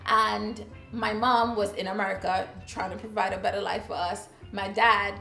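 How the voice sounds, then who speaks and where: A woman with a Trinidadian accent tells a personal story in casual vlog style, her pitch sitting mid-range. She is chatty and sassy, throwing asides to the viewers. The room has a noticeable echo, with faint music under her voice. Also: steady tone, normal speed, vocal fry, sharp tone. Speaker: vlogger.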